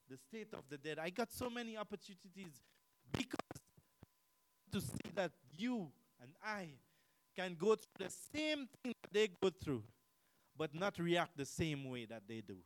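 A man preaching with a fairly high voice, full of rhetorical questions and repeated lines. He swings from loud declarations to quiet asides, recorded close and dry with no room sound. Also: big pitch swings, moderate pace, dry recording, low-quality recording. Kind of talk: sermon.

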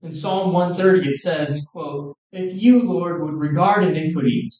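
Male preacher, earnest sermon delivery, slightly high voice, far off in an echoey hall. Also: a little mellow. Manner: earnest, measured, quoting scripture. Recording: echoey room, distant mic.

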